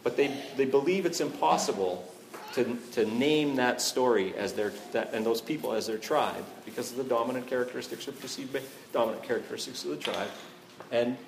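Man from Canada, pastor giving a sermon, mid-pitched voice, roomy echo, faint background hum. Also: brisk. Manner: conversational, asks "right?" often. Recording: echoey room, faint ambience.

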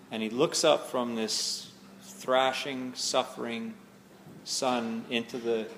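A man, a pastor, preaching a sermon in a conversational, searching way, slowing down to lean on key words. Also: mid-range voice, fairly bright tone, a little hiss or hum. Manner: conversational and searching, slows down for emphasis. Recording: echoey hall with faint ambience.

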